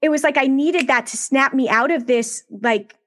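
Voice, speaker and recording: A woman in her thirties tells her story as a podcast guest. Her voice sits a little high, and she talks in quick, emotional bursts with laughter. She sounds like she is speaking from home over a call mic. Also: fairly bright tone. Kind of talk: candid storytelling.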